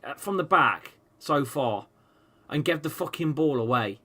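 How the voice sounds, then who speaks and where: A man of medium pitch takes his time and pauses often while hosting a live football watchalong. He rants excitably at the match, swears freely, and reads out chat messages from viewers.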